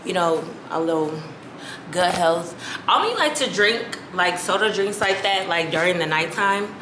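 Young woman vlogger, low-ish voice, chatty and loose, echoey home with dishes clattering behind. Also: expressive, normal speed, background noise. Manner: chatty, lots of ums, calls the viewers y'all. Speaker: lifestyle vlogger. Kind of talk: casual chat to camera. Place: home kitchen and bathroom, indoors. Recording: roomy room with household clatter.

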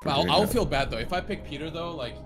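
A man's voice: a little high, animated, brisk, over music. A man chatting casually with friends on a voice call, joking and laughing often. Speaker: streamer in group call. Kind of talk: casual group chat.

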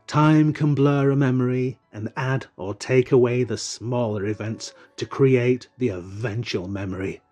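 A man reading an audiobook in the first person, slow and wistful. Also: mid-range voice, darkish tone, faint music behind. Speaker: audiobook narrator. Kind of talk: first-person storybook narration.

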